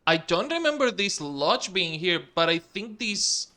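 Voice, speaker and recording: A man streams a video game, commenting casually and getting excited as he swears freely. His voice is bright and smooth, a little higher than most men's. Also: unhurried. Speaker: gaming streamer. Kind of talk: casual let's-play commentary.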